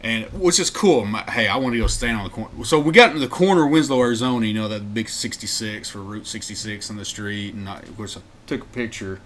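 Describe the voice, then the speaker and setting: With a lowish voice, a quick pace, and few pauses, a man co-hosting a podcast tells a casual road-trip story, loudly acting out quotes and laughing often. There's a little background noise.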